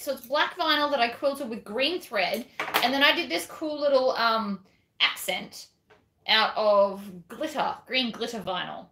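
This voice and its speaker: A woman's voice: high-pitched, pushed and bright, reverberant. A woman giving a chatty, self-deprecating craft tutorial while she works.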